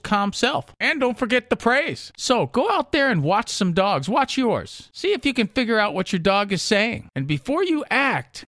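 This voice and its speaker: A man's voice: sits high, a bit bright, dry recording, studio quality. A man hosting a talk radio show, giving direct, instructive advice about dog behavior.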